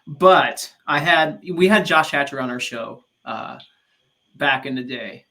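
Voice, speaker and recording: Bright-voiced man telling stories. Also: mid-range voice, measured pace. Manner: animated storyteller, many restarts. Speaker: podcast co-host. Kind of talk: casual faith-based chat.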